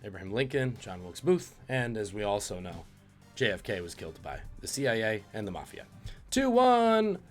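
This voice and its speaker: A man's voice: lowish voice, fairly quick, faint music behind. Jokey man hosting a streamed trivia quiz. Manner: jokey, reads out questions and chat guesses. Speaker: trivia host.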